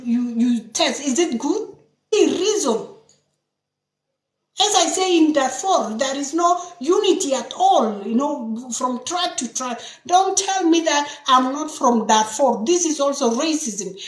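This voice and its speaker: Impassioned woman activist. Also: sits high. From South Sudan. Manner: emphatic, rhetorical questions, frequent restarts. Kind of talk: impassioned political talk. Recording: roomy echo.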